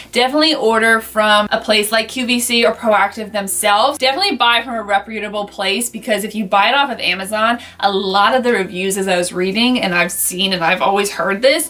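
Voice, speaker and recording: A woman's voice: mid-range voice, bright, forceful tone. A young adult woman chatting casually through a beauty favorites review, enthusiastic and rambling with lots of asides. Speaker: beauty vlogger. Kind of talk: casual product review chat.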